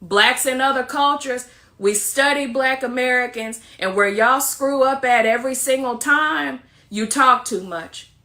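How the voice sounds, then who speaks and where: A woman's voice: sits high, measured pace, hardly any pauses, bright, forceful tone. A woman in a social media video, lecturing her audience in a preachy tone.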